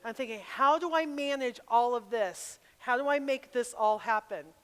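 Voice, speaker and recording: A middle-aged woman speaking at a women's retreat, telling a personal story with animated, sometimes loud bursts. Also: fairly high pitch, normal speed, clear, resonant tone. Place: large hall at a camp retreat. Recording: long reverb of a large hall.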